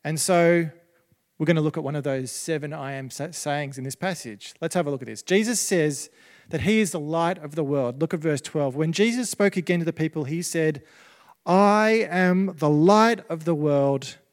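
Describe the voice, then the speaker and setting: A man's voice: fairly high pitch, brisk, darkish tone, in a large hall. A man preaching a sermon as pastor, conversational, with many fillers and restarts.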